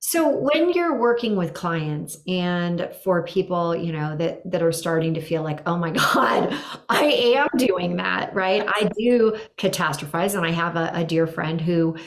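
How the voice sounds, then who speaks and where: A woman's voice: on the low side, expressive, unhurried. Affirming woman podcast host. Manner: affirming, echoes the guest and asks follow-ups. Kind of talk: casual interview chat.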